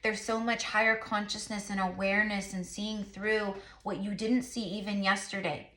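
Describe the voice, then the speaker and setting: A woman's voice: mid-range voice, little pitch movement, moderate pace, bright, forceful tone, roomy sound. A woman giving a casual spiritual tarot reading to her viewers, rambling with lots of fillers and repeated affirmations. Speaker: tarot reader and psychic.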